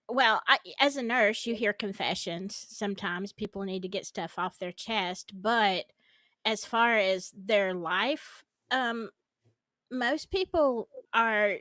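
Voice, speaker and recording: A woman's voice: mid-range voice, pushed and bright, dry recording. A woman who works as a nurse, co-hosting a casual podcast chat in a playful manner. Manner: playful, laughs often.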